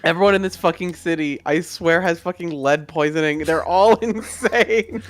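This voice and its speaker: A man's voice: on the high side, normal speed. A man joking around as a player in a tabletop game. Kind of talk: casual tabletop game chat.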